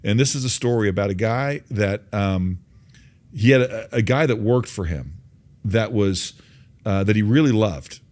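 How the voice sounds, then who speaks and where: An earnest male interview host with a slightly low voice. He tells folksy stories about faith and often restarts his sentences. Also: animated, moderate pace, a little mellow. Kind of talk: faith-based interview, storytelling.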